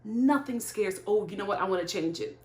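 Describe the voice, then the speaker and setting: A woman hosting a casual reality TV recap, talking in an animated, gossipy way with frequent laughs. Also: medium pitch, fairly quick, echoey room.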